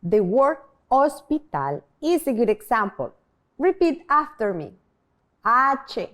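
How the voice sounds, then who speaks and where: Woman teacher for a scripted beginner lesson; animated, clear, unhurried delivery. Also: on the high side. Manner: slow, clear modeling of pronunciation, prompting repetition. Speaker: language teacher.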